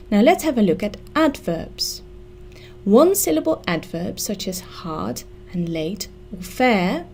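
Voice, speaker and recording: A woman teaching an English grammar lesson, explaining slowly and deliberately and spelling out letters. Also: mid-range voice, a little mellow, a little hiss or hum.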